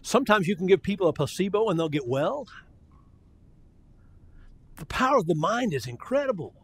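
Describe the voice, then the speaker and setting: A man's voice: high-pitched, very animated, moderate pace, husky. Older man preaching a folksy sermon. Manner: folksy and conversational, with frequent restarts.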